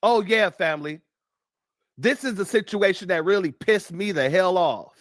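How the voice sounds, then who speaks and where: A man's voice: high-pitched, normal speed, fairly bright tone, no echo, clean studio sound. Blunt, profane male commentary host. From United States. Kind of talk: casual commentary.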